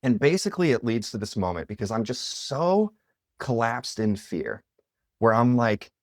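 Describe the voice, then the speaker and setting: A man in his thirties, a podcast guest, telling personal stories in an animated, conversational way, full of "like" and "you know". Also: mid-range voice, normal speed, no echo, clean studio sound. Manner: animated, filler-heavy, with lots of "like" and "you know".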